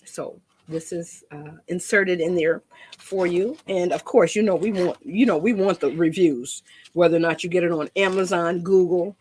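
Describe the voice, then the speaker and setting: Chatty woman teaching a craft, husky. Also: fairly low pitch, normal speed, a little mellow. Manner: chatty, rambling, repeats words. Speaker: craft painting instructor. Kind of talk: casual craft demonstration.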